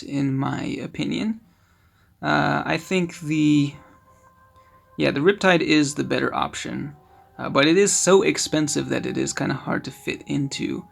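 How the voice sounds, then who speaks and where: Gravelly man reviewing cards offhand. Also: on the high side. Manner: quick offhand verdicts, many fillers. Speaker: card game video creator. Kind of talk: casual card-by-card review.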